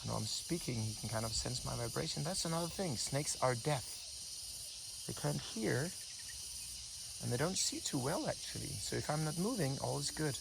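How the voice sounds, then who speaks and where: A man giving unscripted, hushed commentary as he films wildlife outdoors on a morning walk, talking to himself with restarts. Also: medium pitch, lively intonation, normal speed, vocal fry. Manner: hushed, wondering, thinking aloud with restarts. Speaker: breathing coach filming wildlife. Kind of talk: unscripted nature commentary while filming. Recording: outdoor insect and bird noise. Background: insects and birds.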